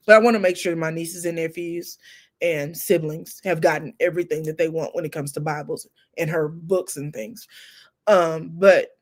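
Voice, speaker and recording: Near tears, this livestream host talks casually with her live viewers in a lower voice. She's chatty, telling stories with laughs and a Southern "y'all."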